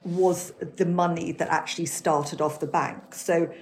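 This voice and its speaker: A woman's voice: lowish voice, steady tone, measured pace, darkish tone, a little hiss or hum. A woman author, a guest on an interview podcast, telling history in fluent, detailed answers.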